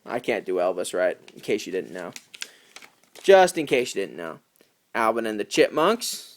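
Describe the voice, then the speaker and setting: A man's voice: lowish voice, big pitch swings, moderate pace. A young man from New York giving casual unboxing commentary as a video collector, chatty and full of jokey asides.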